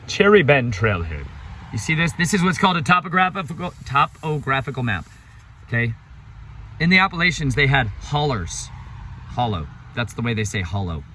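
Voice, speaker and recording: Male vlogger, mid pitch, preachy and excitable, noisy vehicle sound behind. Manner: excitable, sermon-like, exclaiming at scenery. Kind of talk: preachy outdoor travel vlog.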